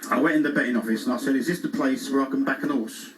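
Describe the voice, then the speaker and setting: A rapid-fire English comedian on a cruise ship stage impersonates a classic comic, reeling off bumbling one-liners and mocking himself along the way. His mid-range voice is lightly acted. Laughter from the show lounge audience comes through a distant mic with faint noise.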